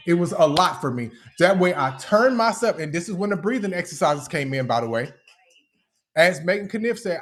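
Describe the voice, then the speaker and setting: A man's voice: fairly high pitch, fairly bright tone. A young man ranting angrily on a live stream, heated, profane and confrontational as he answers his critics. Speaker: livestreamer addressing critics. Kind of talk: angry live-stream rant.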